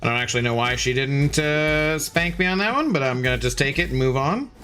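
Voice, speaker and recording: A man's voice: medium pitch, expressive, fairly quick, sharp tone, a little hiss or hum. A man streaming a video game, chatting casually with his chat, reading messages aloud and cursing at his own mistakes. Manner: chatty, reads chat aloud, swears when losing. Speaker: gaming streamer. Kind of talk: casual live-stream commentary.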